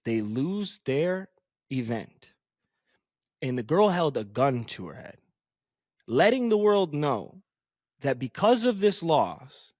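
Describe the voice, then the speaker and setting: A man's voice: on the high side, dry recording, studio quality. An American man co-hosting a podcast, ranting emphatically and swearing in opinionated casual chat. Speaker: podcast co-host. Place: podcast studio.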